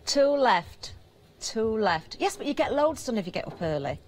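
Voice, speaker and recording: A British woman presenting on a live TV shopping channel, chatty and giggly as she banters with the crew, her voice slightly hoarse. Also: on the high side, big pitch swings, normal speed, a little hiss or hum. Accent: British English. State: slightly hoarse, throat catching.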